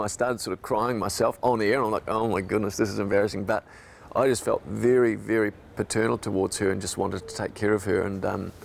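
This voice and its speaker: A man's voice: lowish voice, gravelly, a little hiss or hum. A man, a radio broadcaster recalling events in an interview, reflective and emotional.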